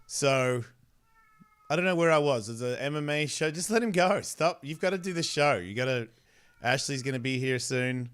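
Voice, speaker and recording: Smooth-voiced man rambling on a podcast. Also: medium pitch, lively intonation, normal speed, fairly bright tone. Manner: rambling, distracted and profane, loses his thread. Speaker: podcast host. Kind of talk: casual podcast chat.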